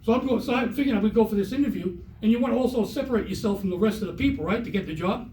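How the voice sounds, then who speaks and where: A man's voice: sits high, racing, darkish tone, slight background noise. A middle-aged man performing a stand-up comedy set on a theater stage, telling rambling, repetitive stories. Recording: roomy, distant live-room recording.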